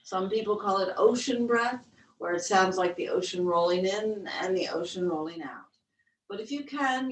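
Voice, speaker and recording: A woman yoga instructor leading a webcast breathing class, with slow, gentle counted cues. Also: mid-range voice. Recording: roomy, distant webcast audio.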